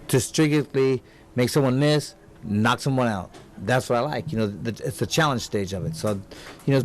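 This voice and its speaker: Rambling storytelling man, many restarts. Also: medium pitch. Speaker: guest, former world champion boxer. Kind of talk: casual interview talk. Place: radio studio.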